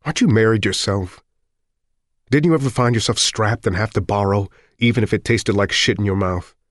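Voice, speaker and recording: A desperate, bitter working-class man, tense and pleading, played by a male narrator. The voice is deep and low, near the narrator's own, and pushes urgently. It is recorded dry and close. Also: brisk, dry recording, close to an everyday voice.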